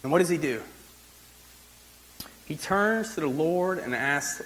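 High-pitched male pastor, casual sermon delivery, relaxed conversational preaching. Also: unhurried, long pauses, poor audio. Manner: conversational preaching with frequent "like" and restarts.

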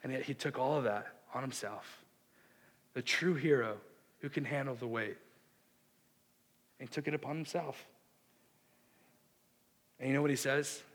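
A man preaching a sermon, earnest and impassioned, with a hushed delivery that builds into fervor. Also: mid-range voice, moderate pace, pauses often. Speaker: pastor. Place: church sanctuary. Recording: long reverb of a large hall.

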